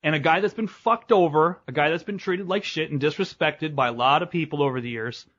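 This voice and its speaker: A man's voice: on the high side, a bit bright, lo-fi sound. A man hosting a wrestling podcast in casual chat, rambling and swearing, laughing often. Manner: profane, rambling, quick to laugh. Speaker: podcast host.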